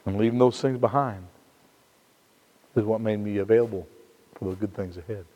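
A man from Indiana preaching a sermon as pastor, swinging from hushed, low passages to loud, slow, emphatic ones. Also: steady tone, lo-fi sound. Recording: long reverb of a large hall.

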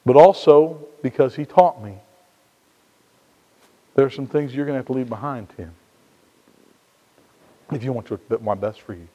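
A man from Indiana preaching a sermon as pastor, swinging from hushed, low passages to loud, slow, emphatic ones. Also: highs cut off. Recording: long reverb of a large hall.

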